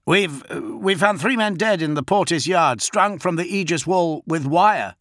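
Male narrator plays a frantic, high-voiced captain screaming orders over comms in an audiobook. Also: unhurried, no echo, studio quality. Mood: urgent. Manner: stammering, panicked shouting. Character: frantic male space-marine captain on a vox.

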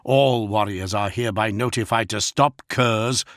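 A man's voice: fairly low pitch, a little slow, fairly bright tone, no echo. Male narrator as a stern general, commanding, firm, dry sound.

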